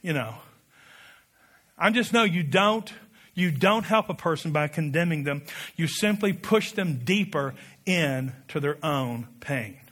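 A man preaching a sermon with passion, building to loud peaks and dropping to quiet asides, leading the congregation in call-and-response. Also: a little high, expressive, measured pace. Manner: impassioned, rising to shouted peaks, drops to quiet asides. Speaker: pastor.

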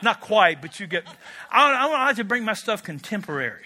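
A male pastor delivers a sermon in a strikingly high, sharp, bright voice. He is emphatic and storytelling, and he drops in casual asides. He leans on key words for emphasis. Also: big pitch swings, a little fast.

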